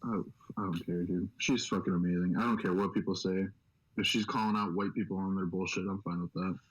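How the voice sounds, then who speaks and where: A young man co-hosting a podcast in casual chat, swearing constantly and rambling excitedly. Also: sits low, a little fast, rough recording. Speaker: podcast host.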